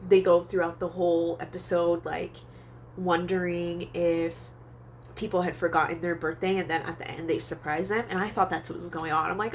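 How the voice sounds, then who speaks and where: A young woman vlogging a candid storytime, chatty with lots of fillers, nose a little stuffy from allergies. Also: a little hiss or hum. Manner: chatty and candid, many fillers, acts out quoted voices in a high pitch. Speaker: psychic tarot reader and vlogger. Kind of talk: casual storytime monologue. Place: Hawaii.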